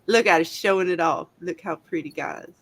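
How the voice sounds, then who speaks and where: A woman's voice: lowish voice, moderate pace, fairly bright tone. A woman player chatting casually during a tabletop game stream, laughing often and drawling her plans.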